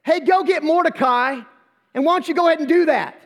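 A man's voice: very high-pitched, brisk, voice pushed up. A man voicing an ancient king who talks in casual, slangy everyday speech, inside a sermon with long hall reverb.

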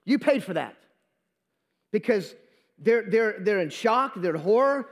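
A man's voice: high-pitched, lively intonation, unhurried. A man preaching a Sunday sermon in church, repeating phrases for emphasis and restarting words as he goes. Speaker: pastor. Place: church during a live Sunday service. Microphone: handheld or stand microphone.

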